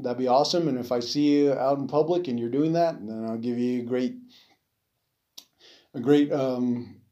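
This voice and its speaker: Podcast host, male, mellow dark tone, loose rambling monologue full of fillers. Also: mid-range voice. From Navajo reservation. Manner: rambling, many fillers and restarts, casual swearing.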